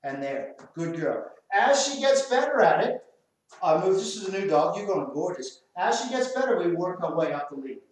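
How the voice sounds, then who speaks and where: A man's voice: high voice, sing-song, moderate pace. An Australian man, a dog trainer, explains a drill while giving firm short commands to dogs. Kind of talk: hands-on training demonstration. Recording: very echoey, far from the mic.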